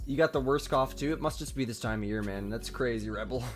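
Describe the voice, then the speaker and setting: A man's voice: medium pitch, fast talker. A young man chatting casually on a live gaming stream, reading chat and talking through a nagging cough. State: sick with a cough.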